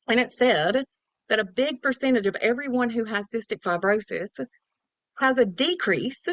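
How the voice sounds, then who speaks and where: A woman's voice: a little high, fairly bright tone, dry recording. A woman giving a chatty, casual product overview as a wellness promoter. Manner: chatty, salesy, casual slang.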